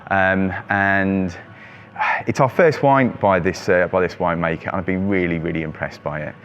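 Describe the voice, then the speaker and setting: A man's voice: low voice, moderate pace, muffled recording, slight background noise. A man hosting a monthly wine selection, chatting casually with many ums and fillers. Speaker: wine shop host presenting monthly selection. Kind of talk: casual product talk. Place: shop with traffic outside.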